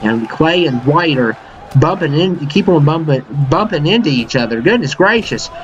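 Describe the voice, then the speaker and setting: A man doing casual, excitable play-by-play commentary over a wrestling video game, full of fillers and "uh-oh" exclamations. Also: a little high, normal speed. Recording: dull lo-fi mic with game crowd and noise behind. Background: video game arena crowd noise.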